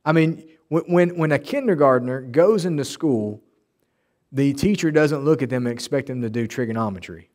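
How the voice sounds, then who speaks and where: A man's voice: mid-range voice, normal speed. Emphatic male pastor preaching. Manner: emphatic, animated preaching with mocking quoted voices. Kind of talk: sermon. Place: church sanctuary.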